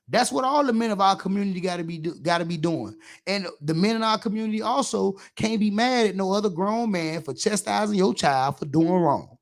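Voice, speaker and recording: A man's voice: sits high, a little fast, vocal fry, few pauses. A man, a youth football coach, giving an impassioned radio monologue, preachy and emphatic, acting out how he scolds kids.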